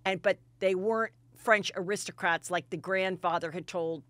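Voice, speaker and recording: A woman hosting a comedy podcast, chatting in a gossipy, animated way and telling stories with loud impressions. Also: fairly low pitch, normal speed, no room sound. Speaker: podcast host. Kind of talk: casual comedic chat.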